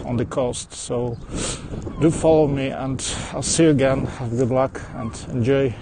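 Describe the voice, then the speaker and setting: A man with a mixed foreign accent chats easily with viewers as he walks along suburban streets, his voice sitting in a middle pitch. He talks through a phone carried in his hand. Clear outdoor noise and passing traffic run behind him. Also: fairly even intonation, unhurried. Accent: mixed foreign accent in English. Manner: chatty, answers viewers as he goes, with small laughs and restarts. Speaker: livestreamer. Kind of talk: casual walking livestream chat. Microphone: phone carried while walking.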